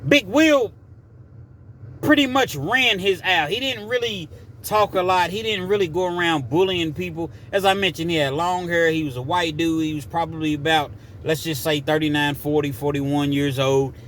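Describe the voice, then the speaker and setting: A man spinning a prison yarn in a loose, conversational way, drifting into asides. His voice sits a little high, with a faint hiss of noise in the background. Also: normal speed, a bit bright. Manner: conversational, digressive. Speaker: storyteller. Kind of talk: casual prison storytelling.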